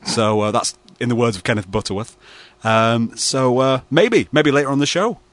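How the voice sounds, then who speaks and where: A man's voice: medium pitch, normal speed, a bit bright, dry recording. Rambling male radio host. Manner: rambling, mock-serious storytelling with fillers. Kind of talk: late-night radio banter.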